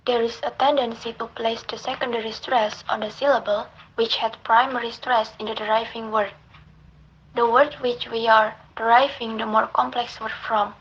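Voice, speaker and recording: A young woman with an Indonesian accent who speaks Indonesian as her first language, reading an academic lesson aloud in a careful, slightly halting way, with small grammar slips. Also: fairly high pitch, little pitch movement, fairly bright tone, slightly rough, lo-fi sound. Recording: faint background noise.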